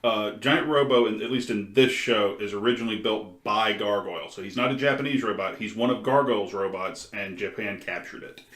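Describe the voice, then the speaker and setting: A man's voice: lowish voice, brisk, hardly any pauses, fairly bright tone, reverberant. A man co-hosting a podcast, explaining and joking in casual chat. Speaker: podcast co-host.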